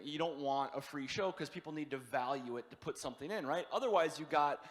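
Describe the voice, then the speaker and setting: A man from the Midwest doing a stand-up comedy set, telling a story with lots of animation and acting out people yelling. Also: fairly high pitch, long reverb tail. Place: comedy show venue.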